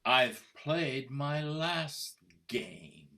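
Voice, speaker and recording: A man's voice: a little high, lively intonation, creaky, sharp tone, exaggerated voice. An older man playing a scornful, mocking husband. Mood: cold. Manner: taunting, mocking, coldly deliberate. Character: scornful middle-aged husband baiting his wife. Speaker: actor in a play. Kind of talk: stage play acted over video call. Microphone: computer mic on a video call.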